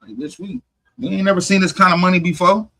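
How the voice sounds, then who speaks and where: A man hosting a podcast, retelling a story in casual profane talk, animated, swearing heavily and restarting often. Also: sits high, fast, vocal fry, rough recording. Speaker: podcast host.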